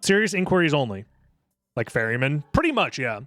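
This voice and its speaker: A young man casually commentating a live video game tournament in a rambling, jokey, excitable way. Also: a little high, a little fast, soft background music.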